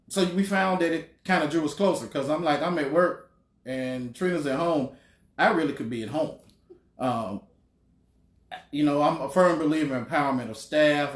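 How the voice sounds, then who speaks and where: A middle-aged man, talking in a casual interview as a guest, measured and pausing often on "um". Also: medium pitch. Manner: measured, many "um" pauses. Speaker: homeless shelter director, guest. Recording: roomy echo.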